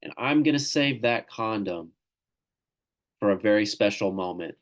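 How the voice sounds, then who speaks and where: A Tennessee man with a fairly low, expressive voice casually hosts a literary reading on a video call at normal speed. He's loose, rambling, and enthusiastic, cracking crude jokes, picked up by a video call microphone.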